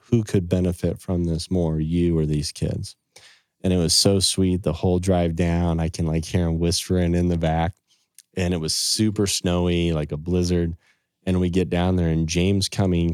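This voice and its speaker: A middle-aged man, a financial advisor, telling personal stories in a relaxed podcast conversation and quoting scripture and sayings earnestly. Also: deep voice, moderate pace, clear, resonant tone, no room sound, studio quality. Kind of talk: casual storytelling in conversation.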